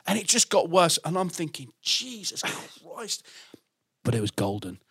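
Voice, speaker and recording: A man's voice: fairly high pitch, big pitch swings, quick pace, gravelly, fairly bright tone, husky, dry recording, clean studio sound. A man hosting a podcast, telling anecdotes in casual chat. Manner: chatty, anecdotal. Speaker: podcast host.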